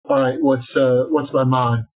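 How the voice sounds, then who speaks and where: A man at middle pitch plays a tabletop game and keeps his turns short and to the point. The recording sounds dull and lo-fi, as if the highs were cut off. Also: steady tone, measured pace. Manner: brief, terse answers. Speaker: player.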